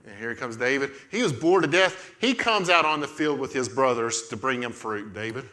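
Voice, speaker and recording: A man's voice: mid-range voice, expressive, moderate pace, pushed and bright. A man leading a children's church lesson, playfully telling a Bible story and directing kids as they act it out. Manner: playful, coaching children through a skit.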